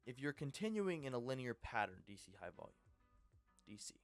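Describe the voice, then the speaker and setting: A man in his twenties hosting a casual, ranting vlog, rambling and excitable with frequent restarts. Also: mid-range voice, fairly quick, no echo, soft background music. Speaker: channel host.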